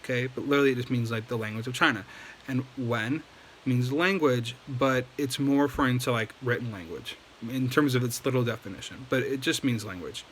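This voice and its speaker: A man's voice: mid-range voice, brisk, a bit bright, slight background noise, rough recording. A man giving a casual language lesson at home at night, patiently explaining and checking in with okay after each point. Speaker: Chinese language teacher.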